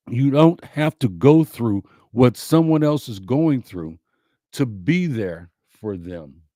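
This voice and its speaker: A man hosting a talk, speaking slowly and emphatically, repeating his key lines to his listeners. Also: medium pitch, darkish tone, no echo, clean studio sound. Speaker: host. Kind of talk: inspirational talk to a live audience.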